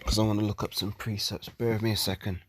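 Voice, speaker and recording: A man's voice: on the low side, little pitch movement, quick pace, very noisy. A man giving a heated, profane monologue on religion, sounding exasperated. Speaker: religious commentator.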